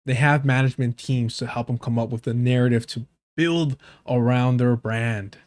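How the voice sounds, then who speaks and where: A man's voice: medium pitch, steady tone, moderate pace, darkish tone. A man reacting to clips on a livestream, swearing a lot and mocking the people he covers. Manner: profane, mocking, mimics people in exaggerated voices. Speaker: livestream commentator.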